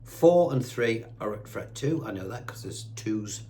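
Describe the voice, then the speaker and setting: A man teaching guitar with a chatty, patient manner, counting the beats out loud slowly while he plays. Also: lowish voice, expressive, slight background noise. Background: guitar playing.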